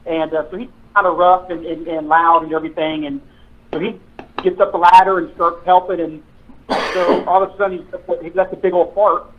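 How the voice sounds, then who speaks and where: Man, retired cop guest, hesitant storyteller, fairly high voice, tinny phone-line sound. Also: flat delivery, a little fast, slight background noise. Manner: hesitant, many fillers and restarts. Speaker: retired police officer, guest. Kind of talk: casual storytelling chat.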